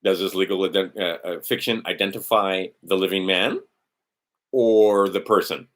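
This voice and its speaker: A middle-aged man with a low, deep voice talks into a desk mic, rambling through a document with sardonic asides. His delivery is loose and casual, broken by restarts and the odd curse. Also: moderate pace, fairly bright tone. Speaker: host of a legal maxims stream. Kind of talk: casual screen-share talk.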